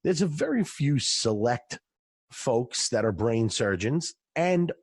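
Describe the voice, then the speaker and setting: Husky-voiced man in casual podcast chat. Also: mid-range voice, animated, no echo. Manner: wry, conversational, drawn-out rants. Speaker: podcast co-host.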